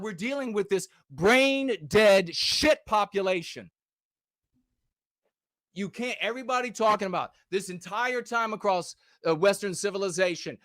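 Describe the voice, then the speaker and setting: A man with a high-pitched voice ranting on a livestream, confrontational and profane, who often climbs into shouting. He is recorded close and dry, with no room echo. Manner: combative and profane, rising to shouts. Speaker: livestream host. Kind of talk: livestream rant.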